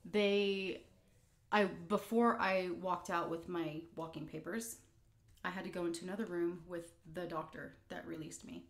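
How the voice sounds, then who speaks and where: A woman's voice: fairly low pitch, steady tone, a little slow. A woman vlogger telling a story while eating, candid and blunt, rambling with fillers. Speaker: mukbang vlogger.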